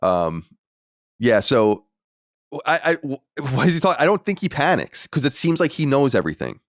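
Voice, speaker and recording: A man hosting a podcast in casual chat, animated and reading listener letters aloud. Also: mid-range voice, normal speed, no echo, clean studio sound. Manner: animated storyteller, reads listener mail aloud. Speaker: podcast host.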